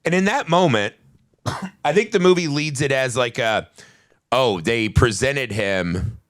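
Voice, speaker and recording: Animated, sweary male podcast host. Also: medium pitch, a little slow, dry recording, studio quality. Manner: animated, profane storytelling. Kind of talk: casual movie podcast chat.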